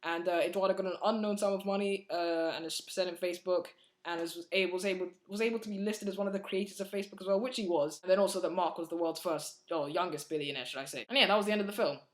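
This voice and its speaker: A man's voice: sits high, fairly even intonation, quick pace. A man giving a casual, blunt film review, chatty and full of fillers and restarts. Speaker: movie reviewer.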